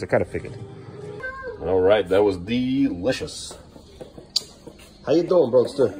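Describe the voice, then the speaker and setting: A man's voice: lowish voice, warm tone. A father vlogging at home in his kitchen, talking casually and playfully to his young sons, often slipping into sing-song baby talk. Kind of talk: casual home vlog chat with his children.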